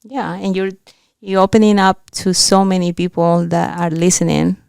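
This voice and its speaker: A woman's voice: fairly low pitch, steady tone, normal speed, creaky, a little mellow, clean tone, no echo, clean studio sound. A woman co-host in a casual interview, speaking in a reflective, encouraging way.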